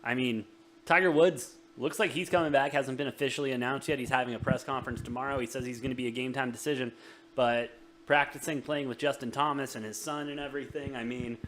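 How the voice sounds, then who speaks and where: A male host of a casual sports betting show. He talks fast in bursts and laughs a lot. His voice sits at a middle pitch, with faint noise underneath. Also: fairly even intonation, a bit bright. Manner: quick, jokey, laughs often. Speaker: podcast host.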